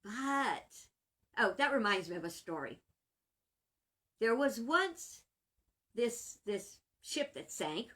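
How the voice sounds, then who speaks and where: A woman minister talking casually to the camera, chatty and quick to laugh. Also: on the high side, very animated, a bit bright. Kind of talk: casual storytelling vlog.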